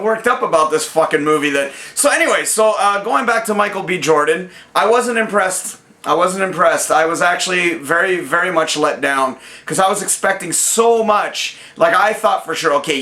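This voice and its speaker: A man's voice: sits high, pushed and bright. A man hosting a solo movie review show, ranting heatedly with a lot of profanity and frequent restarts. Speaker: host.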